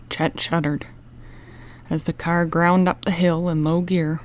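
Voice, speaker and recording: A woman narrating a children's mystery audiobook in a steady, expressive reading. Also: fairly low pitch, slow pace.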